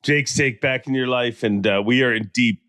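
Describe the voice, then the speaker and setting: A man's voice: medium pitch, normal speed, fairly bright tone. A man hosting a casual podcast chat, joking and rambling with lots of restarts. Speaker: podcast host and tournament emcee.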